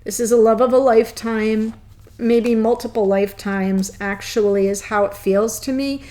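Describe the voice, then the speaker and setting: A woman's voice: on the high side, fairly even intonation, moderate pace, warm tone. A woman giving a tarot reading to camera, gushing and tearful, laughing through her emotion. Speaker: tarot reader.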